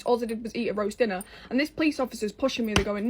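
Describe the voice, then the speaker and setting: A woman's voice: on the high side, racing, few pauses. A young woman with an English accent telling a personal story in a casual, blunt way, swearing freely, exasperated and amused.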